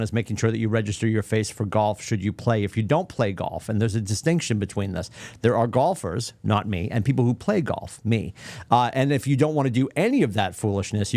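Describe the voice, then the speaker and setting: A man hosting a morning office livestream, joking and self-deprecating with quick asides. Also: on the low side, a little mellow, dry recording. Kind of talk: casual chat.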